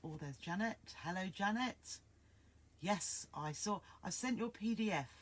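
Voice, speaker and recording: A woman's voice: medium pitch, animated, measured pace. Chatty woman hosting a sewing livestream. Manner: chatty, greets viewers by name, rambling. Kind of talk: casual livestream chat.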